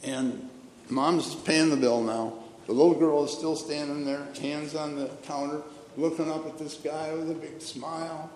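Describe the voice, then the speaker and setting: Older retired pastor in an echoey church. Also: male voice, on the high side, steady tone, measured pace, a little mellow, slight background noise. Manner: folksy, rambling, many uh fillers and restarts. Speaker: retired pastor preaching as a guest. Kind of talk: storytelling sermon. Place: church sanctuary. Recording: echoey hall with long reverb, faint room ambience.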